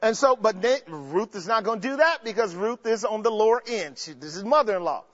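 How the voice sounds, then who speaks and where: A man preaching a sermon in a lively, playful way, acting out the characters in everyday speech. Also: sits high, fairly quick, in a large hall. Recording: dull lo-fi sound.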